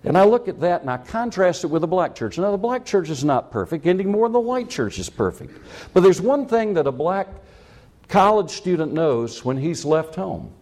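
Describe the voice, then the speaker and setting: Older man, preacher, sermon, impassioned, high voice, swooping intonation. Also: sing-song, moderate pace, darkish tone. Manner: impassioned, repeats lines for emphasis, rhetorical questions.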